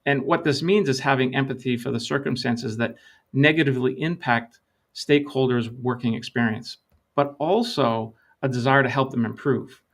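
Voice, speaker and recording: A middle-aged man, a lean consultant, explaining his approach in an interview and telling stories with quoted dialogue. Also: mid-range voice. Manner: measured, storytelling with quoted dialogue.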